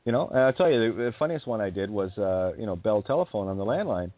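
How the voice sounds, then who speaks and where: A man's voice: fairly low pitch, lively intonation, fast, dry recording. A man hosting a radio talk show, chatting earnestly and effusively about spiritual ideas. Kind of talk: casual radio chat. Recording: dry tinny phone-like line.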